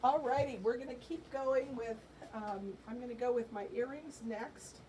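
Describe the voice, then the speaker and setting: A woman's voice: fairly high pitch, moderate pace, dark tone, a little hiss or hum. A woman hosting a live jewelry sale from her shop, chatting in an upbeat way and answering viewer comments. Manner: chatty and upbeat, with frequent fillers and laughs. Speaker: host of a live jewelry shopping stream.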